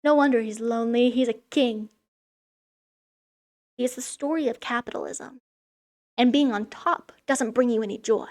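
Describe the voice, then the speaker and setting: A young woman recaps a children's story in casual, irreverent commentary. Her voice sits slightly high for a woman, and her sarcasm comes through. She swears freely and treats the material as a running joke. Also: normal speed, long pauses, darkish tone. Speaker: vlogger. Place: room in a school.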